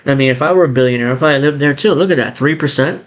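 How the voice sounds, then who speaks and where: A man giving casual reaction commentary on a video, blunt and animated, swearing and laughing as he talks. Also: mid-range voice, fast talker. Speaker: YouTube commentator.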